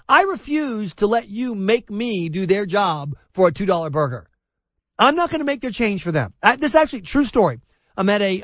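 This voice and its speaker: A man hosting a talk radio show, telling stories in an animated, sarcastic way and mocking people in put-on voices. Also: sits high, dry recording.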